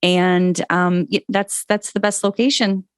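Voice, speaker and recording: A woman's voice: lowish voice, steady tone, clean tone, no room sound, clean studio sound. A middle-aged woman, a parenting author, talking casually as a podcast guest, full of "like" and "you know". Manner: chatty, frequent "like" and "you know", quick laughs. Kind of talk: casual conversational interview.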